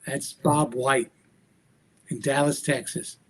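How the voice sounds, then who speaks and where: This man, a magician on a podcast as a guest, has a medium-pitched, slightly breathy voice and takes his time. Even so, he tells his story with energy, acting out each person's words through animated shifts in voice.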